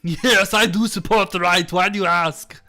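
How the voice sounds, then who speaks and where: A man's voice: high voice, steady tone, normal speed, sharp tone, faint music behind, heavily acted. A man voicing a bubbly young tank girl with a put-on German accent, gushing and laughing through her lines in a game read-through. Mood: giddy.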